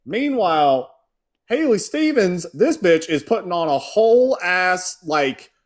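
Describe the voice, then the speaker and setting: A man's voice: high voice, sing-song, measured pace. A man hosting a casual political chat, ranting and swearing, and sometimes mocking people in put-on voices. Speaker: host.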